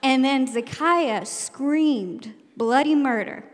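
A woman, a teacher, telling a personal story live on stage, animated and laughing, acting out the shouted lines. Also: sits high, takes it slowly. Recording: long hall reverb.

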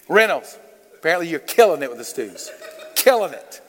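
A man's voice: on the high side, very animated, a little fast, fairly bright tone, long reverb tail. A man preaching to a congregation as a guest speaker, playful and engaging, questioning the crowd and drawing responses. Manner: playful, calls on the congregation, Southern "y'all". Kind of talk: lively interactive sermon. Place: church.

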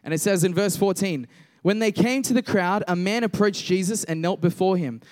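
A young man preaching a casual sermon to a congregation, reading scripture, joking with the listeners and slowing down for emphatic points. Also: high voice, a little mellow. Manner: conversational, jokes with congregation, builds to emphatic slow declarations.

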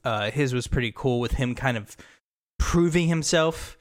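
A man's voice: medium pitch, measured pace. A man in casual chat about a video game, talking loosely, swearing freely and acting out characters' lines. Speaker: podcast co-host.

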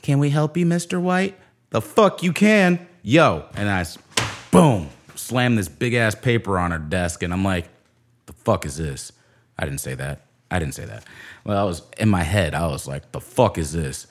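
Man, low voice, casual profane rant, sarcastic storyteller. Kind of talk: casual ranting monologue.

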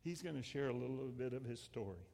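A man pastor preaching a sermon, swelling loud and then dropping to hushed lines. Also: mid-range voice, animated, fast talker, creaky. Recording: echoey hall with long reverb.

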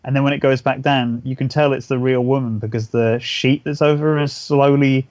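A man's voice: medium pitch, steady tone, fairly quick, darkish tone, no room sound. A man chatting casually about horror film effects on a podcast, enthusiastic and rambling, swearing often as he restarts his sentences. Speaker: podcast co-host. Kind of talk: casual film review chat.

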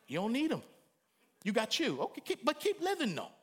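Animated high-voiced male preacher. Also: brisk, husky. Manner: animated, humorous, conversational preaching with sudden loud cries. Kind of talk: sermon.

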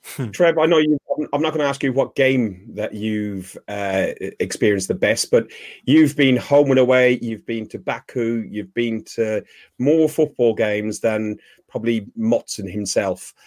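A man hosting a casual football podcast, putting relaxed questions to his guests. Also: mid-range voice, measured pace, dry recording, studio quality. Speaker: podcast host.

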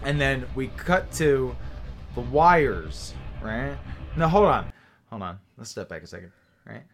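A man's voice: mid-range voice, animated, unhurried. A young man riffing through an improvised comedy bit, rambling and profane, constantly checking in with "right?".

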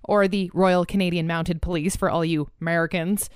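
A woman's voice: on the low side, level tone, normal speed, a little hiss or hum. A woman playing a comic field reporter in podcast banter who delivers chatty mock-news updates.

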